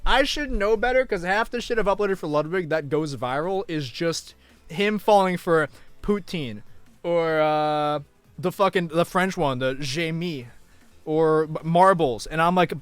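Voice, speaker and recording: A young man chatting casually on a live stream, talking to his chat, moving between mock outrage and low mumbling asides. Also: moderate pace, fairly bright tone, clean tone, dry recording, faint music behind. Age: young adult.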